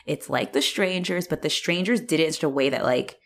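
A woman with a low, grounded voice talks through a film in relaxed, casual conversation. She is chatty and animated, scattering filler words as she retells scenes. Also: fairly quick, gravelly.

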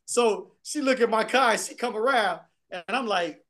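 A man co-hosting a podcast, telling profane, animated stories in casual chat and acting out what people said. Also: high-pitched, moderate pace. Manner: animated, profane storytelling with voiced quotes. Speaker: podcast co-host.

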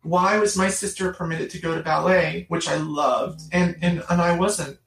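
A woman's voice: on the low side, steady tone, moderate pace, vocal fry. A middle-aged woman telling her personal story in an interview, earnest and emphatic, repeating phrases for stress. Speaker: guest. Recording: roomy, distant mic.

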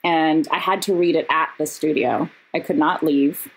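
A woman, a podcast guest and actress, telling stories in casual chat, animated and laughing, with quick asides. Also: low voice, husky, low-quality recording. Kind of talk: casual storytelling.

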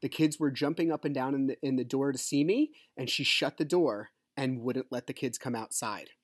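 On his own podcast, a divorced father rants about a custody fight, agitated, swearing, and talking over himself in a rambling monologue. His medium-pitched voice moves at a moderate pace in clean, echo-free studio audio.

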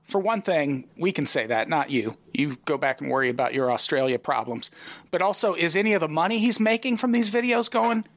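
A man's voice: a little high, animated, brisk, fairly bright tone. A man co-hosting a comedy podcast, reading out a news story in a wry, casual way. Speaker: podcast co-host.

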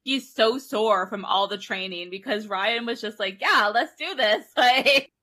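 A woman's voice: a little high, unhurried, pushed and bright. A young woman casually recapping a book on a podcast, rambling, laughing and acting out characters' lines. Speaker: podcast co-host. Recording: online call recording.

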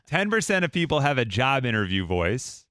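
A man's voice: mid-range voice, big pitch swings, moderate pace, fairly bright tone, no echo. A man hosting a morning radio after-show podcast, chatting casually and laughing often in a studio. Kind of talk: casual chat.

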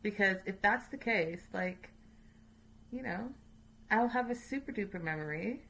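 A woman's voice: mid-range voice, lively intonation, measured pace, vocal fry, a bit bright, slightly rough, rough recording. A woman in a casual chat, recapping a reality show for her viewers, opinionated and chatty with sassy asides.

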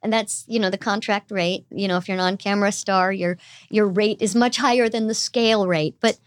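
Woman, middle-aged, girlish voice, chatty guest, medium pitch, dry studio sound. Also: a little fast, smooth, no echo. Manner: chatty, animated storyteller. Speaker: voice actor guest. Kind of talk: casual interview chat.

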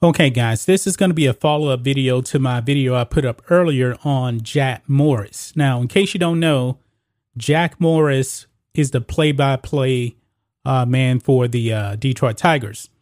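A man's voice: medium pitch, a little slow, a little mellow, no room sound, studio quality. A man hosting his own sports opinion channel, talking casually to viewers and reading news reports aloud with stumbles. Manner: reads news quotes aloud with stumbles and restarts. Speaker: sports commentary host.

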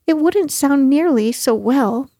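A woman's voice: high-pitched, expressive, slow, mellow, dry recording, clean studio sound, voice pushed up, full character voice. A woman voicing a timid, anxious little male piglet in a storybook reading. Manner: eager, anxious.

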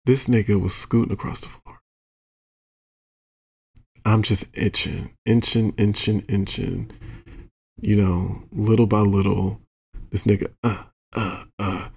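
A man with a low, gravelly and somewhat husky voice tells a raunchy story as a podcast host. He talks slowly, swears a lot and sounds exasperated as he acts out what was said. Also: little pitch movement, a little mellow. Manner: profane, exasperated storyteller who acts out quotes. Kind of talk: explicit comedic storytelling monologue.

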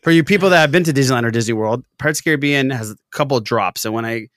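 A man's voice: medium pitch, rapid-fire, fairly bright tone, no room sound, clean studio sound. A man co-hosting a pop-culture podcast, casual and jokey, telling corny jokes. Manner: jokey, tells corny pirate jokes with voices. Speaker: podcast co-host. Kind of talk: casual chat.

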